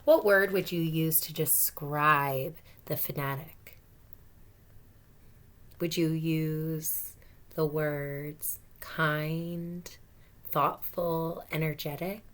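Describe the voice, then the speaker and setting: A woman teacher reading a picture book aloud to children, gently pausing to explain words and ask questions. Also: low-pitched, fairly even intonation.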